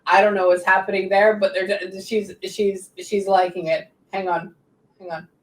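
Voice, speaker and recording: A woman working as a psychic medium, relaying messages in quick bursts and often pausing to say "hang on" during a live reading session. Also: medium pitch, flat delivery. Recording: echoey room, distant mic, faint background noise.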